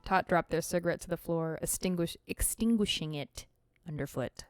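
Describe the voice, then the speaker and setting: A woman streamer reading a visual novel aloud and breaking off into animated, slangy, swearing reactions to her chat. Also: on the low side, normal speed, smooth, dry recording, clean studio sound.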